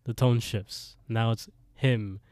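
A man's voice: mid-range voice, takes it slowly, dry recording. A man casually recapping a TV episode, acting out the characters' lines and laughing often. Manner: animated retelling, switches between characters' lines, laughs often. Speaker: podcast co-host recapping an episode. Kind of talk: casual chat, retelling a plot with quoted dialogue.

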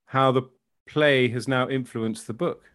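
A man's voice: mid-range voice, steady tone, a little slow, fairly bright tone. A man hosting an interview podcast, reacting with curiosity to his guests. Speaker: podcast host. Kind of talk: conversational interview.

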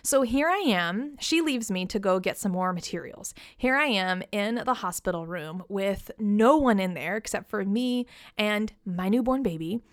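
A woman's voice: medium pitch, expressive, normal speed, no echo, studio quality. A woman in her thirties hosting a podcast, telling a personal story in a candid, chatty way and laughing at herself. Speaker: podcast host.

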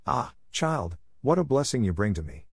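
A man voicing a blind, frail old grandmother, speaking softly and tenderly. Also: mid-range voice, very animated, moderate pace, vocal fry, slightly rough, no room sound, clean studio sound, voice pushed up, exaggerated voice.

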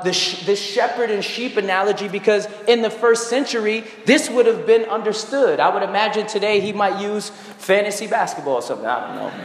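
A man's voice: high voice, roomy sound, big-room sound. A man in his thirties preaching a sermon as a guest preacher, telling a personal story with earnest rhetorical asides. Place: church sanctuary.

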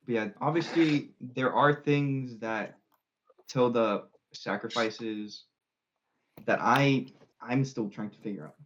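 A man's voice: mid-range voice, muffled recording, slight background noise. A young man on a casual podcast, talking earnestly and sincerely about his partner. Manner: earnest, sincere, drawn-out phrasing. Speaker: podcast co-host. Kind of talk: casual chat.

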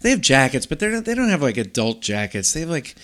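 A middle-aged man co-hosting a podcast, telling a long story in a rambling, animated way with many restarts. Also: mid-range voice, fast talker. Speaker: podcast co-host. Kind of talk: casual storytelling chat.

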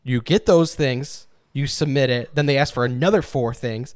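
A man's voice: medium pitch, normal speed, a little mellow, no echo. Profane young man, dry close sound. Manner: profane, mocking, drops into sarcastic mimicry. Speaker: podcast co-host. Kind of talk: casual chat.

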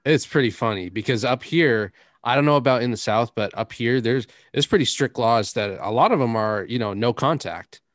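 A man's voice: mid-range voice, moderate pace, no echo. Young man, podcast host, rambling anecdotal delivery, dead-dry close mic. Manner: rambling storyteller, laughs often, drops curses. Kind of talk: casual chat.

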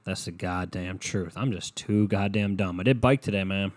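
Speaking at normal speed in a low-sitting voice, a young podcast host rambles through a casual solo rant into a headset at home, swearing offhandedly and poking fun at himself. The recording is dry.

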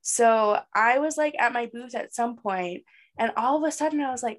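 Animated woman co-hosting a podcast. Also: on the high side, normal speed. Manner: animated, laughs often, frequent "like". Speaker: podcast co-host. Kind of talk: casual chat.

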